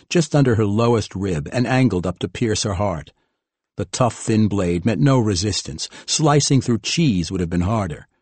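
Low-voiced male audiobook narrator. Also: darkish tone, slightly rough, no room sound. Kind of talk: scripted narration.

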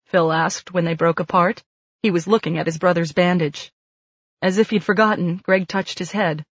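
A woman narrating an audiobook in a calm, steady storytelling manner. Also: on the low side, normal speed, breathy edge, no room sound. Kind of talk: scripted narration. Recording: dull dry studio read.

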